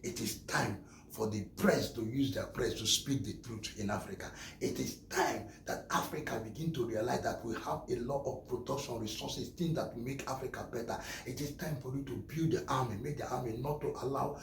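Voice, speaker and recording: A man's voice: medium pitch, brisk, vocal fry, echoey room, a little hiss or hum. A Nigerian man giving impassioned commentary, emphatic and repeating his phrases for force.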